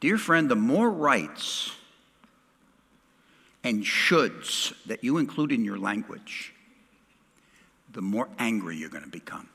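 A middle-aged male pastor preaching a sermon, swinging dramatically from loud to hushed. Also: mid-range voice, sing-song, slow pace, vocal fry, long pauses, slightly rough, in a large hall.

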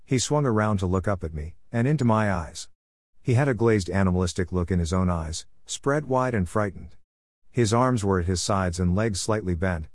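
A man narrating a first-person story in a measured, somber way. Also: sits low, a little mellow, no echo, clean studio sound.

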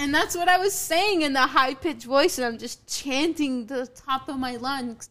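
A woman's voice: sits high, normal speed, few pauses, a bit bright. A young woman in her twenties, a podcast guest, telling a story in casual, crude talk, swearing freely and acting out what people said. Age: 20s. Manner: crude, swearing, acts out quotes.

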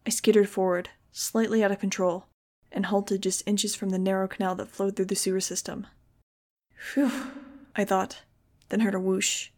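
A woman reading a novel aloud in the first person, with steady, expressive storytelling. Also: medium pitch, moderate pace. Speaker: audiobook reader.

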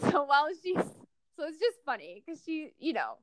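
A woman co-hosting a casual fan podcast, chatty and animated, with lots of fillers and restarts. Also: high-pitched, moderate pace, no room sound, clean studio sound. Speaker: podcast co-host. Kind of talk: casual fan podcast chat about a TV show.

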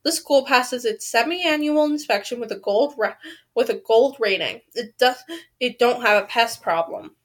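Lady reading as grumpy school janitor, flat and dismissive, kinda high voice. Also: moderate pace, close to an everyday voice. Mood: curt. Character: gruff male school janitor, curt and stubborn.

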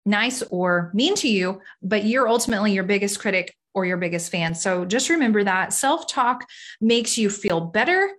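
A woman's voice: mid-range voice, lively intonation, moderate pace, a bit bright. Woman, middle-aged, casual to-camera talk, chatty, rambling, candid, encouraging. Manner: chatty and rambling, lots of "like" fillers; candid, self-deprecating, encouraging. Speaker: faith-based self-esteem speaker. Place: home room.

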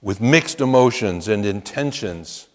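A man delivers a sermon from the pulpit at an unhurried, measured pace. His voice swells into emphatic, chanted quotations before settling back. The sound carries the long reverb of a large hall. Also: fairly low pitch, lively intonation. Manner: emphatic preaching with rising chanted quotes. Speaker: pastor.

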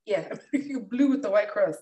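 A woman's voice: mid-range voice, animated, a little slow, dark tone. A woman co-hosting a casual chat, talking loosely with many fillers. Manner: chatty, lots of "like" fillers. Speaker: podcast co-host. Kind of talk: casual chat reviewing a reality show. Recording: echoey room, a bit far from the mic.

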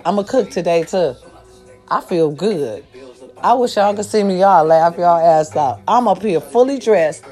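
An older woman giving a loud, sassy, profane pep talk to her followers. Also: lowish voice, animated, unhurried, soft background music. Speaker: vlogger.

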